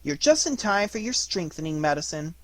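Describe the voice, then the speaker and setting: A gentle mother kangaroo talks in a soft, patient, slightly reproachful way, as a man voices her. Her lines sit a bit above the narration. The reading is close and dry. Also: a little high, very animated, a little fast, no echo. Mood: motherly.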